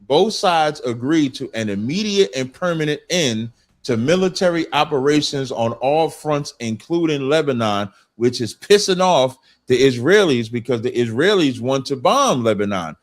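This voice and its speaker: A man's voice: mid-range voice, expressive, normal speed. A man on a political panel, insistently reading points aloud and adding his own comments. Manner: insistent, reads text aloud then comments. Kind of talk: heated panel debate.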